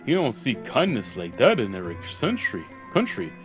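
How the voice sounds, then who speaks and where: A man's voice: medium pitch, wildly swooping pitch, a little fast, faint music behind. A man reading the lines of a cheeky little male fairy companion in a game, with brash exclamations. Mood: amazed.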